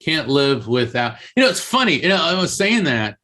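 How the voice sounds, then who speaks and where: On a podcast, an animated male guest, a medium and author, tells stories during an interview. His delivery jumps suddenly in pitch, and he stops and restarts haltingly.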